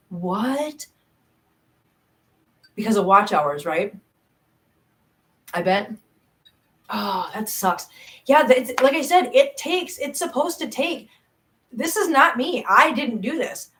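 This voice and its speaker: Heard in a rough recording, this channel host is a woman in her 40s with a mid-range voice. She rambles animatedly through a casual livestream, reading comments, putting herself down, and talking in fast bursts.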